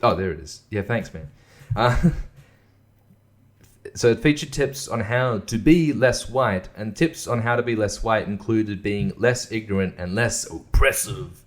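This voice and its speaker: A man's voice: lowish voice, animated, measured pace. A man hosting a casual solo show, sarcastic and mocking, swearing often and laughing at what he reads. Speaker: podcast host.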